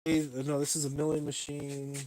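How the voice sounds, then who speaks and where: A man talks loosely to his live stream viewers from his workshop, wandering from topic to topic. His voice sits a bit higher than most men's. He laughs at himself often. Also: completely flat delivery, moderate pace, a little mellow, slight background noise. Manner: rambling, self-mocking, laughs often. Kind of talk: casual live stream tour. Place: workshop in a shipping container.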